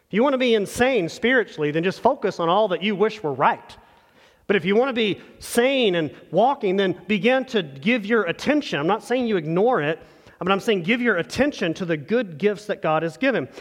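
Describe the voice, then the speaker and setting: A man's voice: sits high, animated, a little fast. A man preaching a sermon as pastor, earnest and conversational, speaking straight to the congregation. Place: church sanctuary. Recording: long church reverb.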